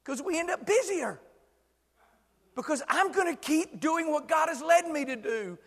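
An older man preaching a sermon with passion, swinging from hushed words to shouts. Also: very high-pitched, animated, measured pace, in a large hall.

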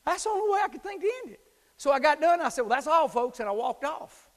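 High-voiced preacher in a reverberant hall. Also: male voice, quick pace. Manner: animated preaching, swings from shouting to hushed. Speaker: pastor. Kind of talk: sermon. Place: church sanctuary.

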